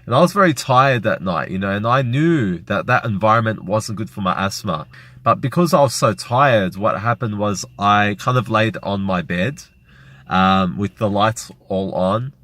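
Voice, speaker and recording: Guy with a lowish voice telling a scary story to camera, rambly and emotional. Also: expressive, normal speed, fairly bright tone, no room sound. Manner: emotional, rambling retelling with fillers. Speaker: vlogger. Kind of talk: personal story vlog.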